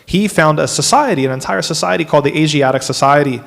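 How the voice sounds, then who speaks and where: Imam giving a workshop talk, slightly high voice, animated with wry asides, echoing hall. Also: male voice, quick pace, creaky. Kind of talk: lecture to a live audience. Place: mosque hall. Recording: long hall reverb.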